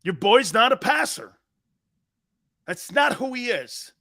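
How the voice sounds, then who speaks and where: Slow-paced and creaky, with lively intonation, this middle-aged sports talk host on live air is brash and direct. He swears freely and shifts from loud bursts down to low asides.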